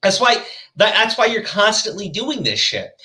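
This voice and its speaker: A podcast host talking in a high, bright voice that swings all over as he rants. He swears constantly and slips into mocking voices when quoting people. His chat is loose and casual. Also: big pitch swings, normal speed. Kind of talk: casual profane commentary chat.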